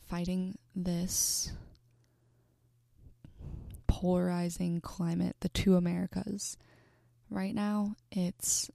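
A young woman in her twenties talks earnestly to the camera, halting and restarting, her low voice gravelly with fry. Her delivery stays flat, and she often sinks into a breathy near-whisper. The recording is close and dry. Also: no room sound. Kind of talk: personal storytelling to camera.

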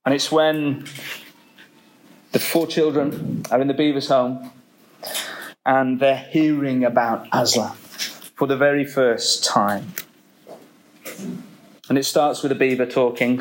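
A man preaching a sermon, reading scripture and reflecting slowly and deliberately. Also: medium pitch, level tone.

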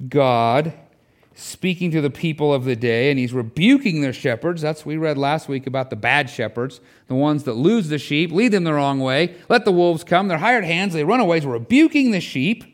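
Earnest man preaching a sermon. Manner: earnest, rising to pleading intensity with wide pitch swings. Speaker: pastor. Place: church sanctuary.

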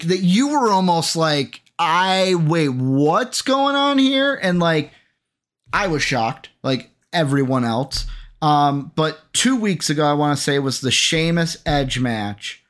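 A man's voice: on the high side, a bit bright. A man co-hosting a casual podcast chat, rambling and acting out quotes with animation. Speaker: podcast co-host.

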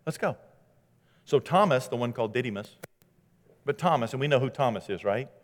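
A man preaching a sermon in a conversational, animated way, acting out scripture quotes as he goes. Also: medium pitch, brisk. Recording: long hall reverb.

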